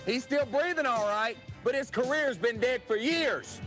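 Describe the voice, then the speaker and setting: A man's voice: very high voice, normal speed, fairly bright tone, soft background music, voice pushed up. A man playing a cocky young country-singer wrestler in a boastful, taunting promo vignette. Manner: boastful, taunting, spells out his name.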